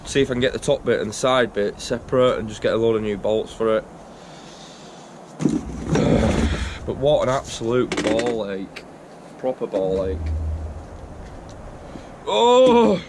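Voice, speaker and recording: A man's voice: on the low side, steady tone, a little slow, long pauses, very noisy. A man working as a truck mechanic, talking casually to camera with exasperated, sweary muttering as he works outdoors. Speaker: self-employed truck mechanic.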